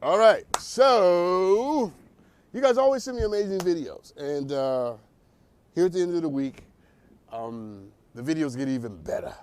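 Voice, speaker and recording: A man hosting a talk show, giving animated, preachy commentary and laughing often. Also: a little high, unhurried, clean tone, faint music behind. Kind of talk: energetic commentary.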